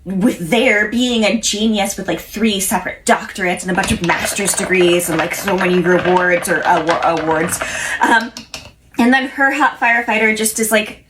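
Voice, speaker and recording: A young woman, a pop culture commentator, recaps TV episodes to camera in a casual, rambling, opinionated chat full of restarts, all while hiccuping. Her voice is mid-range at a moderate pace, with background noise in the recording.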